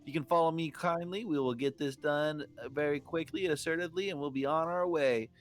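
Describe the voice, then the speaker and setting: A man's voice: on the high side, a little fast, faint music behind, voice pushed up, natural voice. A man putting on a fussy pompous gnome sage. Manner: prim, rambling, overly courteous.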